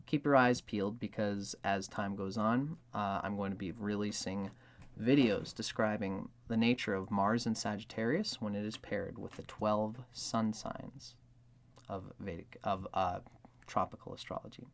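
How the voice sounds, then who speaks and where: A man's voice: on the low side, fairly even intonation, a little slow. A man hosting an astrology video, talking in a casual, rambling way with many filler words and acting out quoted lines. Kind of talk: casual explanatory monologue.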